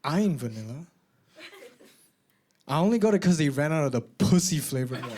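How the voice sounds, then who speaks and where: Guy doing stand-up, kinda high voice, gets loud n animated, live stage mic with noise behind. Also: normal speed. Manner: animated, shouting punchlines to a laughing crowd. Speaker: stand-up comedian. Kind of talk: stand-up comedy set. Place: comedy venue with a live audience.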